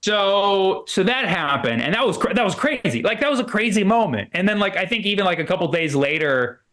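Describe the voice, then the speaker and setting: Very animated and high-pitched, a male comic works a comedy club with a rambling set, his fairly bright voice full of fillers. He slips into quick impressions whenever he quotes someone.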